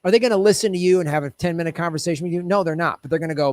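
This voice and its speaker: A man hosts a solo political livestream, with a voice sitting a touch higher than most men's. He rants with exasperation, drops swear words freely, and turns to chat with his viewers. The sound is close and dry, with no room around it. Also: racing, hardly any pauses, a little mellow, no room sound. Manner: chatty asides to viewers. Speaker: political commentary host.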